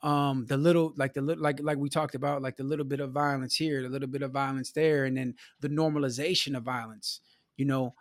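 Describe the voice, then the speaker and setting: Speaking as a podcast guest, a Midwestern man from Milwaukee shares loose, conversational stories about growing up, full of "you know", "man" and "bro". His mid-range voice has fairly even intonation and runs a little fast, captured in clean studio quality with no room sound.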